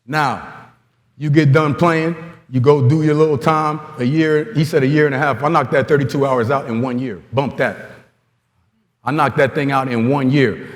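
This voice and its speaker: In a large hall, a man from Congo, appearing as a guest speaker at a coaching clinic, gives coaches a blunt, streetwise motivational talk full of stories and slang. His voice is mid-range, with fairly even intonation and a moderate pace.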